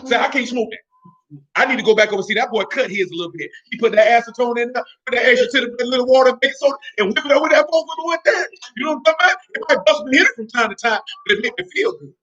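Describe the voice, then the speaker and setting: A man preaching a sermon in street slang, talking animatedly and breaking into shouts. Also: extremely high pitch, lively intonation, very fast, breathy edge. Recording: dull lo-fi recording.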